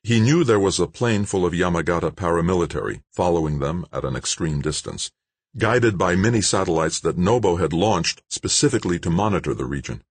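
A man narrating a thriller audiobook in a steady, measured voice. His tone sits very low with a husky grain. The recording is dry, with no room sound. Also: dry recording.

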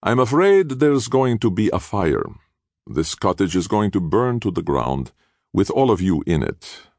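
Cynical smooth villain, as a man puts him on. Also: low voice, big pitch swings, normal speed, a little mellow, no room sound, clean studio sound, pitched above the performer's own voice, exaggerated voice. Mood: sneering. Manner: smooth, mocking, contemptuous.

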